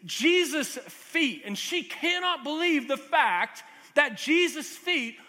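High, bright-voiced man preaching in a hall. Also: lively intonation, slow. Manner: earnest, conversational preaching with asides and restarts. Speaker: pastor. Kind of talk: sermon. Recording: long hall reverb.

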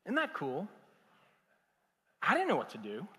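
A man, a pastor preaching a sermon in an animated, conversational and humorous way. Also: a little high, unhurried. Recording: echoey hall.

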